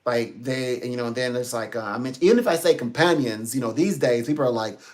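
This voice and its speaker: A man's voice: medium pitch, a little fast, a little mellow. A man giving a rambling live-stream talk as a psychic reader, chatty, laughing often and quoting people in little voices.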